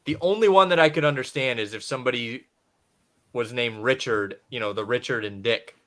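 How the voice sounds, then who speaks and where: Animated joking man, bright voice. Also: medium pitch, a little fast. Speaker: podcast co-host. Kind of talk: casual chat.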